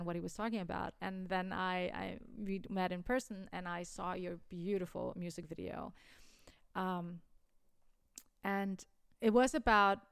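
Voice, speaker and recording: A woman from Iceland co-hosting a podcast, chatting casually and telling a lively, laughing story with acted-out quotes. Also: fairly low pitch, gravelly, clear, resonant tone, dry recording. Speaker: podcast co-host. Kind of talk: casual chat.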